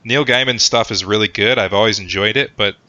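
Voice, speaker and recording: A man's voice: on the low side, brisk, pushed and bright, no room sound. A man hosting a casual sports podcast, joking and rambling with lots of fillers. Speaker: podcast host. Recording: dull lo-fi sound.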